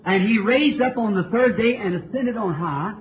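A man's voice: sits high, moderate pace. A man preaching a revival sermon in a church, fervent and sing-song, calling for answers from the crowd. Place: church tabernacle. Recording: tinny lo-fi old tape with hiss.

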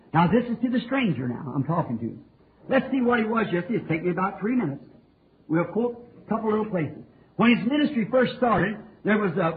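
A high-voiced man preaches a revival sermon, his pitch leaping and falling in a lively, sing-song way. He calls out questions to the congregation with fervent conviction. The sound is a tinny, phone-thin old tape recording with a faint hiss behind it. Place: church tabernacle.

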